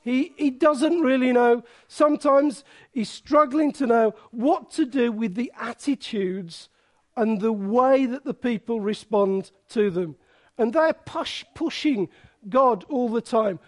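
A man's voice: very high-pitched, slow. A man preaching a sermon in a conversational way, often restarting phrases and acting out little asides.

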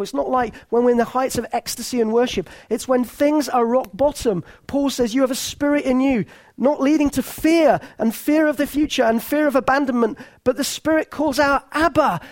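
A middle-aged man preaches a sermon in a fairly high voice. He is earnest and emphatic, and he often sinks into a hushed, intimate delivery. The sound is dry and close. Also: dry recording. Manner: earnest, emphatic, drops to soft intimate tones.

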